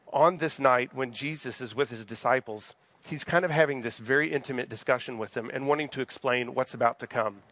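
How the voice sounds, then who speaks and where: A man's voice: medium pitch, a bit bright, no echo. A man in his thirties, a pastor, giving an evening sermon in a conversational way, often asking the congregation questions. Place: church sanctuary.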